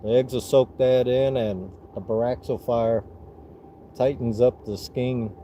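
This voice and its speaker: Slow-talking Southern man with a dark voice. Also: medium pitch, slight background noise, rough recording. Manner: relaxed, rambling explanations with restarts. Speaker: fishing livestream host. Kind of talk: casual livestream chat.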